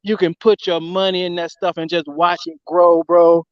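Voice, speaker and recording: An excitable man calling in to a show. His voice is high and smooth, and he laughs easily and keeps calling the host bro. The sound is dull and dry, as over a muffled line. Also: moderate pace, no echo. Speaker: caller. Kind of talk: casual chat with the host.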